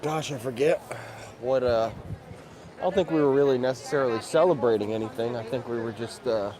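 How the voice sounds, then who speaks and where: A man's voice: medium pitch, fairly quick. A man hosting a casual livestream as he walks around, easygoing and chatty, greeting viewers by name. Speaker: livestream host. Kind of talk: casual livestream chat while walking. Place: outdoors in a busy theme park. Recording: outdoor crowd noise.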